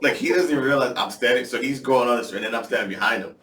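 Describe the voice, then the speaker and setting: Bright-voiced man in easy chat. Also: medium pitch, rapid-fire, roomy sound, distant mic. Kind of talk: casual chat.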